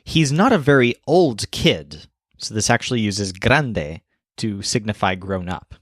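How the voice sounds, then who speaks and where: A man narrating a scripted language lesson, explaining clearly and slowing down for example phrases. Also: fairly low pitch, lively intonation, a bit bright, dry recording, studio quality. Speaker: language teacher.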